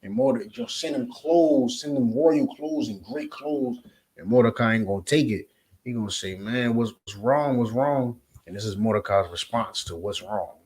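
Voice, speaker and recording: A man with a New Jersey accent teaching scripture in an emphatic, profane style, swinging between loud outbursts and low asides. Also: normal speed, rough recording. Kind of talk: street preaching lesson.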